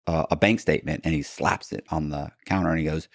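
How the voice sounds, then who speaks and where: A man, a podcast guest, telling stories in casual talk and acting out the other people in them with sudden jumps in pitch. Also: quick pace, creaky, hardly any pauses, no echo, clean studio sound. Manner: animated, acts out quoted dialogue with pitch jumps. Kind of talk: casual storytelling.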